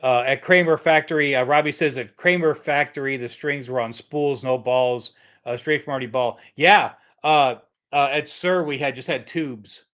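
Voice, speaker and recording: A man's voice: mid-range voice, moderate pace, a bit bright. A middle-aged man hosting a casual guitar livestream, rambling with lots of fillers and restarts. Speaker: livestream host, guitar tech.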